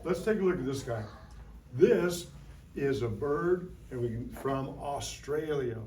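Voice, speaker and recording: A man's voice: medium pitch, animated, a little slow, mellow, a little hiss or hum. Playful guy teaching little kids science, recorded from across an echoey classroom. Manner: playful, call-and-response teaching. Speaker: science educator visiting a class. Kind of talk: animated classroom science lesson. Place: school classroom. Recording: roomy room from a distant mic.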